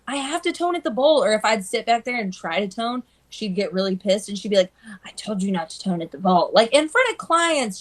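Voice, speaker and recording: A hairstylist, a woman with a medium-pitched voice, chats on a live stream via her phone. She tells her stories with animation and performs the voices of the people she quotes.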